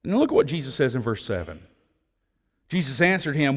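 A man preaching a sermon as pastor, swinging from loud declarations to hushed tones, with conversational asides to the congregation. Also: medium pitch, sing-song, a little fast, pauses often, slightly rough, long reverb tail.

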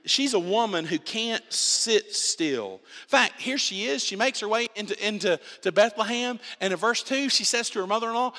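High-pitched and moderately paced, a man preaches from a church sanctuary where the hall echoes noticeably. His sermon is emphatic and animated, building each point through repetition and the occasional restart.

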